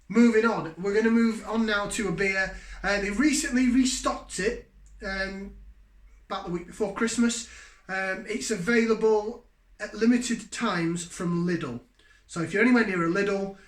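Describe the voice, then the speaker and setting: A man's voice: high voice, a bit bright. A man, hosting a casual beer review in a rambling, self-deprecating way. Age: 40s. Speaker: beer reviewer, channel host. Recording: echoey room.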